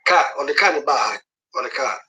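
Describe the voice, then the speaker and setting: A man's voice: mid-range voice, animated, normal speed, sharp tone, poor audio. A man calling in with a question, hesitant and repeating words as he searches for them. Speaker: caller asking a question. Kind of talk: casual questioning.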